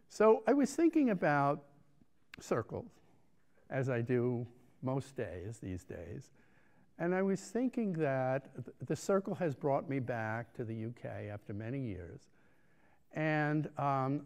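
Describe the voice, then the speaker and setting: Lively American man telling a story. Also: fairly high pitch, vocal fry. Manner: animated, self-deprecating storytelling with many restarts. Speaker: keynote speaker. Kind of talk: storytelling conference keynote.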